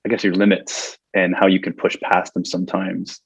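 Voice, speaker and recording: A man's voice: low-pitched, monotone, normal speed, gravelly, husky, dry recording. A man in his forties, a guest on an interview podcast, telling stories casually, laughing often and restarting his sentences. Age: 40s.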